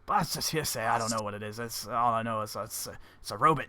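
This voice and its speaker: A man voicing a gruff male forge worker who keeps drawling "aye, aye". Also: medium pitch, fast talker, sharp tone, a little hiss or hum, lightly acted. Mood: chatty.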